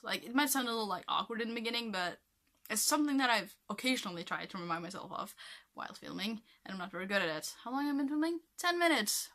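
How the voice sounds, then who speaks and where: This Norwegian vlogger, a young woman, has a fairly high-pitched voice with a bright, forceful tone. She rambles in a casual chat to camera, leaning heavily on "like" and "um".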